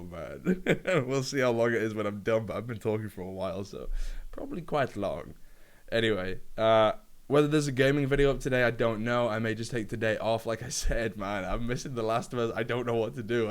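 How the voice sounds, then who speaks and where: A man talks to a camera alone in his room, ranting with no script. His delivery rambles and stumbles over fillers, and he swears freely as he goes. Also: medium pitch. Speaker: gaming YouTuber. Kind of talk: unscripted rant to camera.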